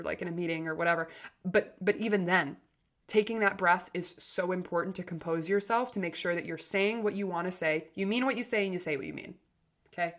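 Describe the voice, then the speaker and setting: A woman hosting a self-help podcast, talking in an energetic, emphatic way with restarts and big swings between loud and soft. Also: on the low side. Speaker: podcast host.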